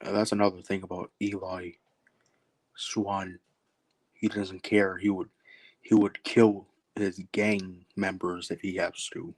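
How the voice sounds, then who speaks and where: A man in casual chat, explaining his own characters in short, halting bursts. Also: low-pitched, level tone, no room sound.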